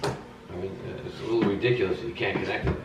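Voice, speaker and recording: A man's voice: deep voice, fairly even intonation, fast, muffled recording. A man bantering off camera with his wife, teasing and matter-of-fact. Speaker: vlogger's husband. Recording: roomy, distant, noisy.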